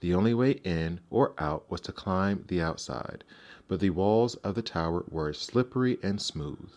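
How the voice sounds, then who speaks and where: A man reads fairy tales aloud in a measured, gentle storybook narration. His voice is notably deep, and he keeps an even, unhurried telling.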